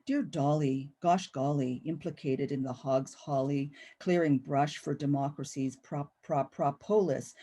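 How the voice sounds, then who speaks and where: A woman's voice: sits low, warm tone. A woman poet reading her own work aloud, with rhythmic, incantatory recitation. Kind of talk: poetry reading.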